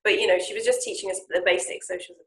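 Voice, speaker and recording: A woman telling a casual story as a language coach, animated and quick to act out quoted voices. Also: medium pitch. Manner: lively, animated retelling with acted-out quotes. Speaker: Japanese speaking coach and founder. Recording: echoey room.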